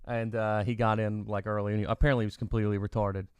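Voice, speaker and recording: Drunk guy on a podcast, smooth clear voice, laid back storytelling, dry sound. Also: fairly low pitch, level tone, fast talker, darkish tone, dry recording. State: says he is drunk. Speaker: podcast co-host. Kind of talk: casual chat.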